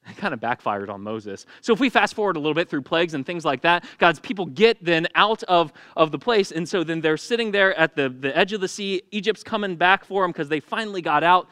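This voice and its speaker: A man's voice: on the high side, animated, a little fast, few pauses, pushed and bright, dry recording, studio quality. A man preaching a sermon in a casual, humorous storytelling manner, acting out the people he quotes. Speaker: pastor.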